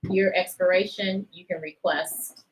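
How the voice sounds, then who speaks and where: A woman's voice: fairly low pitch, fairly even intonation, measured pace, a little hiss or hum, rough recording. A woman guest on a radio show, a realtor, explaining with hesitant fillers. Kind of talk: casual radio talk.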